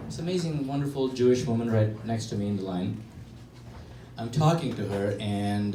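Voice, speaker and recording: Man in his thirties, stand-up comedian, animated storyteller, roomy club sound, distant from the mic. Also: lowish voice, normal speed, slight background noise. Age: 30s. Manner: animated storytelling, acting out both sides of conversations. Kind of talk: stand-up set. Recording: roomy, from off-mic, faint crowd. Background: audience laughter.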